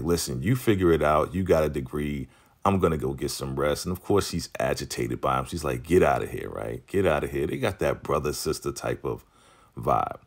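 Male recap host, very deep voice, casual and animated, acts out the characters' quotes. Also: vocal fry. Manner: animated, acts out characters' lines while retelling, laughs often.

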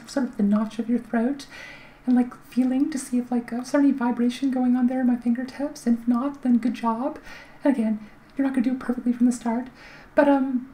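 A woman's voice: fairly high pitch, warm tone, rough recording. A woman with a light voice that carries little volume, explaining in a casual, chatty way with fillers and restarts. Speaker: vlogger giving voice tips.

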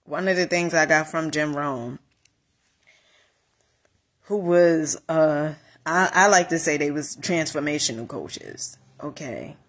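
A woman life coach giving a casual motivational talk, animated, repeating phrases and calling listeners honey. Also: sits low, slow pace.

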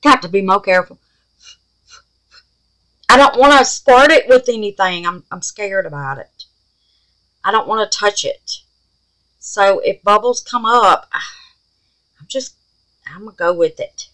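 A woman's voice: medium pitch, animated, measured pace, long pauses, bright, forceful tone, low-quality recording. A woman hosting a casual crafting vlog, gasping and exclaiming as she works and muttering to herself. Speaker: craft channel host.

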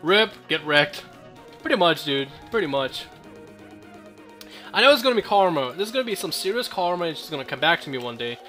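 High, bright-voiced young gamer man. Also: very animated, fast talker, soft background music. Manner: joking, profane, rambling trash talk. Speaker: gameplay commentator. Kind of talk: casual gameplay commentary.

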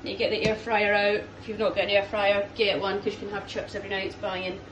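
A woman's voice: medium pitch, little pitch movement, fast, fairly bright tone, muffled recording, a little hiss or hum. Chatty Scottish woman vlogging. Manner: chatty, self-mocking, upbeat; whispering early in the morning. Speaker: professional footballer vlogging her day. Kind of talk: casual vlog. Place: home and training ground, indoors.

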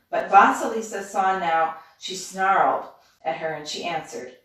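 A woman reads a fairy tale aloud as a bedtime story, keeping her narration steady and even. She sits well away from the mic, and her voice rings around a very echoey room. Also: fairly low pitch, unhurried. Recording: roomy, distant mic.

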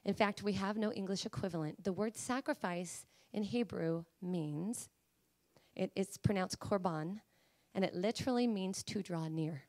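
A woman preacher delivering a sermon, emphatic and pleading, at times rising to high fervent cries. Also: normal speed, a little mellow.

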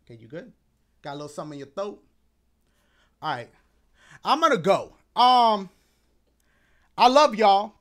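Man, gaming vlogger outro, laid-back slangy rambling, lively pitch swings. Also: normal speed, pauses often. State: a little out of breath. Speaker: gaming YouTuber. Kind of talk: casual outro chat to viewers and his dog.

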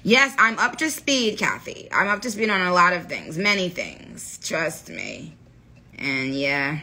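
A woman's voice: fairly low pitch, animated, a little slow, sharp tone. A woman hosting a casual livestream, talking playfully with viewers and calling them by name. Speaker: livestream host.

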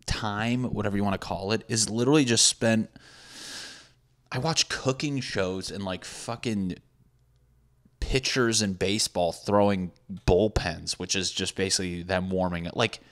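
A young man hosting a comedy podcast, rambling in a profane, sarcastic monologue full of quick asides. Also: fairly low pitch, a bit bright. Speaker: podcast host. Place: apartment building with hammering neighbors.

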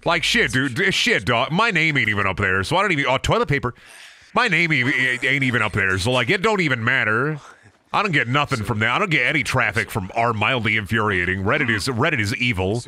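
A man's voice: medium pitch, expressive, a little fast, bright, forceful tone, no room sound. A young man with a Midwestern accent who rambles through casual gaming commentary, swearing and joking. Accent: Midwestern American. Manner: rambling, profane, jokey. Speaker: streamer.

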